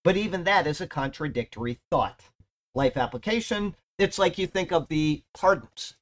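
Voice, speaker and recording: A man's voice: fairly high pitch, animated, moderate pace, fairly bright tone. Man teaching a Bible study. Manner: reads commentary aloud, checks in with listeners.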